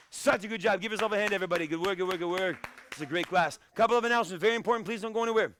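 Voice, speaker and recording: A karate instructor runs a live online fitness class over a video call. His voice is high and rapid-fire as he shouts encouragement and countdowns, cracking jokes between sets.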